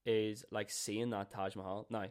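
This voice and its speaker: Podcast host: man, lowish voice, animated storyteller who swears freely. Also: a little slow. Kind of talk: casual storytelling chat.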